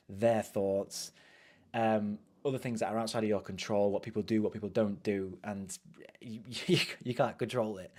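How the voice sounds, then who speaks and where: A man's voice: fairly low pitch, darkish tone. A man with a British accent giving a casual live coaching talk, conversational and repetitive, often saying "you know". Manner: conversational, repeats phrases, frequent "you know".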